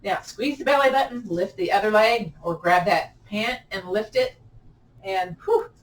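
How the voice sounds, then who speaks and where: A woman's voice: mid-range voice, a little slow. Chatty woman yoga teacher, distant echoey mic. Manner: chatty, laughs at herself, encouraging. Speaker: yoga instructor. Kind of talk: guided gentle yoga class.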